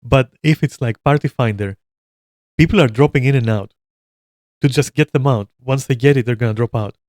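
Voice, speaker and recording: A man's voice: medium pitch, moderate pace, darkish tone, no echo, clean studio sound. A man streaming a reaction, giving blunt opinions in a rambling casual rant full of swearing.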